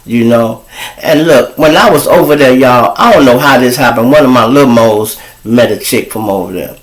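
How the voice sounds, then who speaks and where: A man with a Chicago accent, hosting his own show and telling a street story in casual slang, calling the listeners y'all and jumping high in pitch when he quotes people. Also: normal speed, poor audio. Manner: animated, jumps to high pitch for quoted lines. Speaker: storyteller host.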